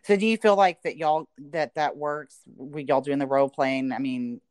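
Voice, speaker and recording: A woman's voice: low voice, moderate pace, darkish tone, clean tone, dry recording. A woman, co-hosting a podcast in casual, reflective chat full of "you know" fillers. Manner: reflective, speaks in southern "y'all", many "you know" fillers. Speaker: podcast co-host.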